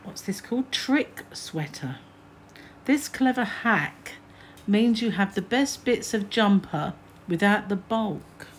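An older woman with a British accent chats casually as she pages through a craft magazine. Her voice sits at a middle pitch, and she reads snippets aloud, then drifts into musing asides, with a faint hum of room ambience underneath. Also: expressive, slow. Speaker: crochet channel host.

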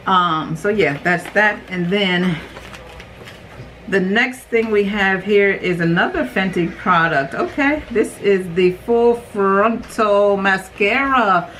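A young adult woman chatting casually while unboxing beauty products, rambling, her voice jumping high when she reacts. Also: slow, a bit bright, slight background noise, rough recording. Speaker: beauty vlogger.

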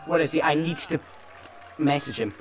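A man's voice: a little high, moderate pace, a loud crowd. A man giving sarcastic reaction commentary on a gaming stream, mocking what he sees and laughing often.

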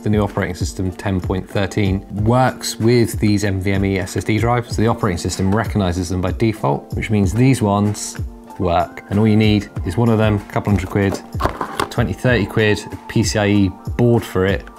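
Casual male tech host, deep-ish voice, self-deprecating and loose with figures. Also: fairly even intonation, normal speed, darkish tone, faint music behind. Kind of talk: casual bantering tech chat.

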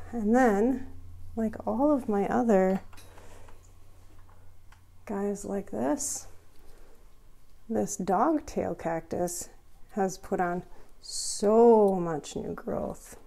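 A woman's voice: medium pitch, creaky, warm tone. A woman hosting a casual houseplant tour vlog at home, chatty, goofy and rambling. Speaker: houseplant channel host.

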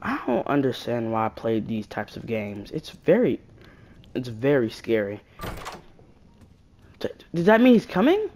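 A gaming YouTuber with a bass voice provides casual horror-game commentary, unhurried with long pauses and slight background noise. She's animated, jumpy, and slangy, shrieking at scares and then muttering banter to viewers.

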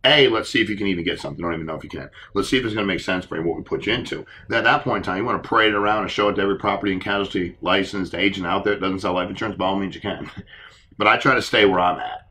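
A middle-aged man answers a panel question in an earnest, animated way, acting out the conversations he describes. His voice sits low but sounds bright and forceful. He talks at a quick clip. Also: slight background noise. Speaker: insurance agency leader.

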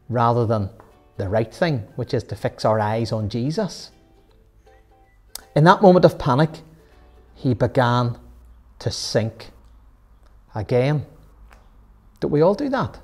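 A man's voice: mid-range voice, warm tone. A man leading a children's Sunday school Bible lesson, earnest and full of rhetorical questions.

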